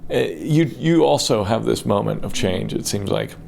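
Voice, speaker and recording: Gravelly-voiced podcast host asking questions. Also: male voice, on the low side, lively intonation, normal speed, a little mellow, a little hiss or hum. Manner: thoughtful, probing questions. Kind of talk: casual interview.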